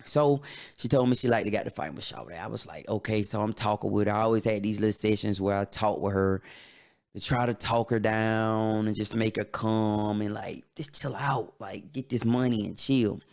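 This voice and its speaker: A man tells a personal story on his podcast. His voice is low with a gravelly edge. He talks in a candid, halting way, with many pauses. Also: darkish tone. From Atlanta, USA. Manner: candid, halting, emotional retelling. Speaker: podcast host.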